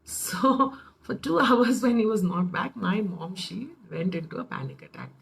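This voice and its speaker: A woman in her thirties with an Indian English accent, giving an informal parenting talk full of personal anecdotes. She tells her stories in an animated way and acts out what family members said. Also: medium pitch, measured pace, creaky, low-quality recording. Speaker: parenting speaker.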